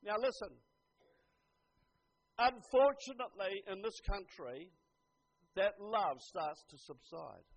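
An older man preaching a sermon, earnest, dropping to a hush and then rising to emphatic lines. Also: high voice, takes it slowly, long pauses, husky. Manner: earnest, swings from hushed to emphatic. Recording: dull lo-fi recording.

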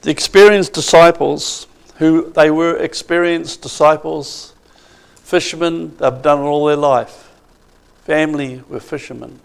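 A man's voice: fairly high pitch, vocal fry, smooth. A man preaching a sermon with emphasis, asking the congregation questions.

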